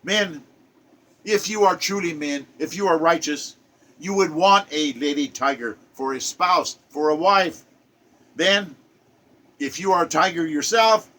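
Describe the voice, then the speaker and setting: A man's voice: a little high, measured pace, bright, forceful tone. Emphatic preachy older man. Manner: exhortative, preacherly, repetitive emphatic phrasing. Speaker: self-published poet giving a monologue. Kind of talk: preachy spoken monologue.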